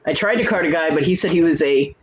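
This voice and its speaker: This host, a woman in her forties, talks fast in a low voice with background noise behind her. She spins chatty, easygoing stories for a casual conversation and performs both sides of the exchanges she quotes.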